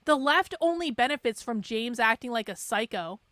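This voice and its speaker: A woman's voice: a little high, expressive, normal speed, a bit bright, no echo. A woman hosting a livestream, commenting sarcastically and casually while she plays a video for viewers. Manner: sarcastic, interrupting, laughing. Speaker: livestream host.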